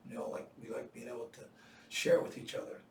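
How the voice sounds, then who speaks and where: Older man, profane animated storyteller. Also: quick pace, roomy sound, far from the mic, a little hiss or hum. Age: 70s. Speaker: veteran storyteller. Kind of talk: casual chat.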